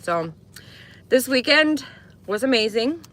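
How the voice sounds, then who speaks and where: A woman's voice: animated, takes it slowly, fairly bright tone. A woman live streaming in casual chat, talking to viewers and answering their comments. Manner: chatty, answers chat comments, mimics sweet talk in high voice.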